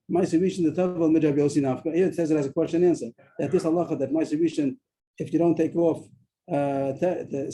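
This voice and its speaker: A man leads a Talmud study class on a video call. He explains at a rapid clip in a dark, mellow voice, often stopping to restart his sentences. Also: fairly high pitch, rough recording. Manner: explains quickly, with frequent restarts.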